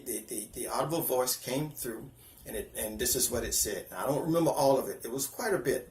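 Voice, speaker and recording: A man in his fifties sharing a personal spiritual testimony, earnest and halting, often restarting his sentences and close to tears. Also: medium pitch, roomy sound. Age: 50s. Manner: earnest, halting, with repeated false starts.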